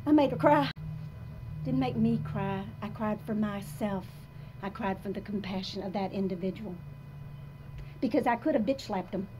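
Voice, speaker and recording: A woman of about sixty giving a live motivational talk to an audience in a coffee shop, emphatic and confessional, swinging between soft and loud. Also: medium pitch, moderate pace, long pauses, background noise. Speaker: motivational speaker.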